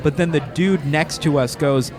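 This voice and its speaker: A man's voice: fairly high pitch, normal speed, a crowd in the background. A man joking crudely and playfully in a casual comedy chat.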